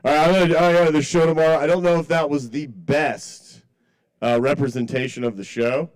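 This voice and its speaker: A man's voice: a little high, fairly even intonation, brisk. A man doing a stand-up set at a small cafe open mic. He rambles through his jokes with self-deprecating, apologetic asides, heard through a stage mic.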